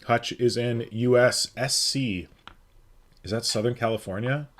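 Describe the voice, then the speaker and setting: A man's voice: medium pitch, unhurried, slight background noise. A man hosting a casual live stream, joking and reading out viewers' names. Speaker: stream host.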